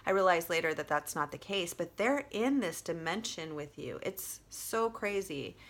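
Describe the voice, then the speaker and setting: A woman vlogger telling a personal story in a casual, animated way, with lots of fillers and free swearing. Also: on the low side, normal speed.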